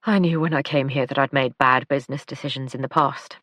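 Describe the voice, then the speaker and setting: A woman reading a tired, injured man who talks softly and apologetically in an audiobook. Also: a bass voice, steady tone, fairly quick, no echo, clean studio sound. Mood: weary.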